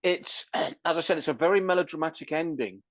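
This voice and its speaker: A man's voice: a little high, fairly quick, dry recording. A man co-hosting a podcast, reflecting on a film and making jokes. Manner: reflective, joking. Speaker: podcast co-host. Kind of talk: casual film review chat. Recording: dull, dry lo-fi mic.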